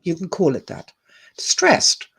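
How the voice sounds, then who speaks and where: A woman hosting a live online talk, speaking earnestly in a reflective monologue, laughing softly between thoughts and replying to viewer comments. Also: on the low side, huge pitch swings, slow, creaky, slightly rough. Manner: earnest, musing, reading viewer comments aloud.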